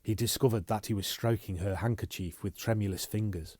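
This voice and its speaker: A man reading an audiobook in a steady, measured narration. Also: lowish voice, no room sound, clean studio sound. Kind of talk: scripted narration.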